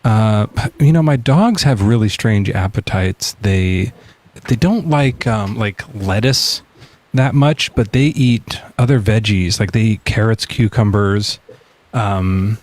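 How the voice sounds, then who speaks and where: A man hosting a live call-in podcast who chats in a relaxed, rambling way, with laughs and fillers. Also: fairly low pitch, slow. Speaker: podcast host. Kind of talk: casual live-stream chat.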